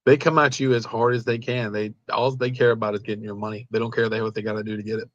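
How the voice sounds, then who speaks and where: A man's voice: lowish voice, flat delivery, quick pace, dry recording, dull audio. A man co-hosting a casual live stream, reading viewer comments aloud and chiming in with short replies. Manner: laid-back, reads out chat comments, short agreeing replies. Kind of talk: casual chat.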